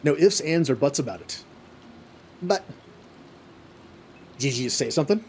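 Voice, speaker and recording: A man's voice: fairly high pitch, animated, unhurried, darkish tone, slight background noise. A man reading as a brash warrior woman. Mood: defiant. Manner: plain reading in his own voice.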